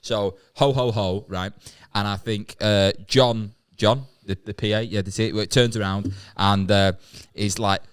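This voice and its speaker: A man with a lowish voice pitching a silly story on a podcast. He talks in a chatty way and keeps asking "right?" as he builds the scene. The delivery is loose and playful. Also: fairly even intonation, unhurried, hardly any pauses, clean tone. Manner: chatty, often checks with "right?". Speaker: podcast co-host. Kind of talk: improvised comedy chat.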